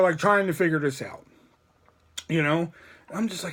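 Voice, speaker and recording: High, lively man telling a story. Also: moderate pace, pauses often. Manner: profane and rambling, with many restarts; animated retelling with acted quotes. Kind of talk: casual storytelling.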